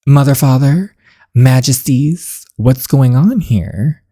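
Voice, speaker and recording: A woman voicing a frustrated, sharp-tongued teenage princess in a story game, reading the lines plainly. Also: rumbling low, slow pace, slightly rough, no room sound, clean studio sound, pitched above the performer's own voice, exaggerated voice. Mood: defiant. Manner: reads the lines plainly while playing.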